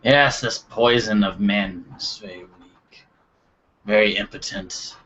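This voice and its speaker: A man voicing a gruff, proud male dwarf who scorns humans, in a slow, disdainful manner, for a tabletop game. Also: fairly low pitch, fairly bright tone, highs cut off, a little hiss or hum. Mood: scornful.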